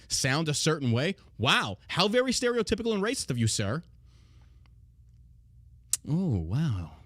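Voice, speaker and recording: A man's voice: a little high, no echo, studio quality. A man hosting a podcast, ranting casually with brash sarcasm and lots of swearing. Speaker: podcast host. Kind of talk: casual profane rant.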